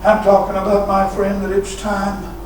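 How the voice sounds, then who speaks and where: A man preaching a sermon as pastor, shouting and punctuating his lines with "huh?" and "uh.". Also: sits high, monotone, normal speed, distant mic, slight background noise. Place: church sanctuary. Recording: echoey church sanctuary recorded from afar.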